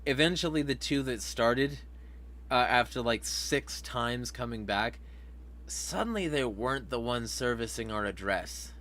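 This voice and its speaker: A man hosting a casual livestream vlog at a mid-range pitch. He swears a lot, laughs between remarks and reacts out loud to viewer comments. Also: animated, a little slow. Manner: profane, laughing, reads chat comments aloud. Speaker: vlog host.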